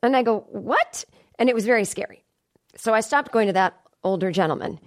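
A woman's voice: mid-range voice, fast. A woman in her thirties hosting a comedy podcast from a studio, chatting casually and acting out the voices of people in her stories. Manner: chatty, animated storyteller acting out quoted voices. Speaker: podcast host.

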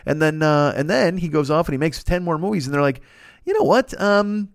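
A man's voice: fairly high pitch, fast, creaky, dry recording, studio quality. A man hosting a comedy podcast, riffing in a profane, rambling mock-rant. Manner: profane, riffing, mock-ranting with put-on voices. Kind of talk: rambling comic monologue.

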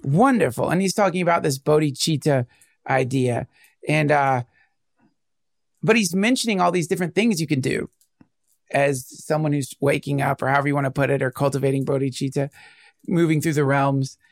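A man in casual conversation, talking in a rambling, animated way and often breaking off mid-thought. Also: on the high side, brisk, gravelly, no room sound, clean studio sound. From United States. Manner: rambling, animated, self-interrupting.

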